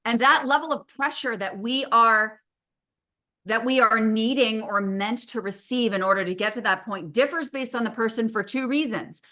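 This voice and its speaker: A middle-aged woman hosts a relaxed podcast conversation. Her voice is bright and forward. She tells stories with animation and swears casually. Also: on the high side, moderate pace. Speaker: podcast host.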